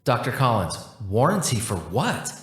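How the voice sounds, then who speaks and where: A polite, baffled scientist who hesitates and apologizes as he fumbles through a strange phone call, as a male narrator plays him. His voice is mid-pitched, with a roomy echo around it. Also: huge pitch swings, moderate pace. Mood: unsure.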